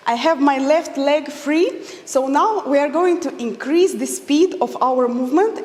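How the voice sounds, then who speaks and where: A woman's voice: sits high, unhurried, a little mellow. Woman counting dance beats, roomy studio. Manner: counts beats aloud in a sing-song rhythm. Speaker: dance teacher. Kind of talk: instructional dance lesson with counting.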